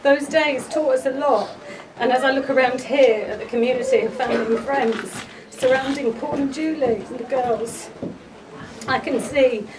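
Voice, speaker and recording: A woman's voice: high voice, moderate pace. A woman, giving a heartfelt memorial eulogy for a close friend. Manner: fond, heartfelt, chuckling between lines. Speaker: eulogy speaker, friend of the family. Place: memorial gathering room. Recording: distant mic with background noise at a memorial gathering.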